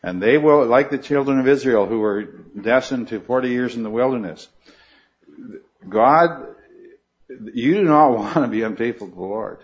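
A man leads a Bible study in an earnest, questioning way. His voice sits at an ordinary pitch, and he often stops to restart his sentences. The recording sounds muffled and lo-fi. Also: expressive, moderate pace. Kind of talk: Bible study class teaching.

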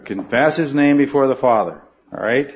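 A man's voice: medium pitch, normal speed. A man teaching a Bible study class in an earnest way, putting questions to the group and often restarting his sentences. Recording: muffled lo-fi recording.

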